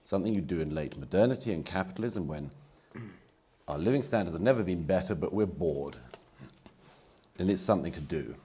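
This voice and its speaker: A man with a strikingly deep, husky voice argues his point on a debate panel. He speaks in an articulate, polemical way with a dry, wry edge. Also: mellow.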